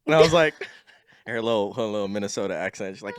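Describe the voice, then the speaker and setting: A man's voice: lowish voice, lively intonation, fast talker, fairly bright tone, a little hiss or hum. A man, a podcast guest, telling stories in a laid-back casual way, laughing often and filling with "like". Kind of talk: casual storytelling chat.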